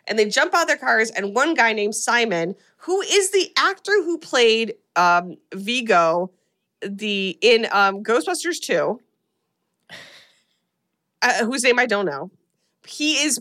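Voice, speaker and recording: A young woman hosts a casual podcast and recaps a film's plot. She tells the story in a lively way and slips into the characters' voices as she goes. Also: mid-range voice. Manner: animated storytelling, acts out characters' lines. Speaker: podcast host. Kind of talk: casual chat recapping a film.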